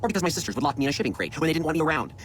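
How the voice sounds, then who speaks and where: An actor playing a foul-mouthed, abusive head chef who rants and then sinks into self-pity, in a game. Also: male voice, a little high, big pitch swings, racing, fairly bright tone, a little hiss or hum. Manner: ranting, profane, self-pitying. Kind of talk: video game voice acting.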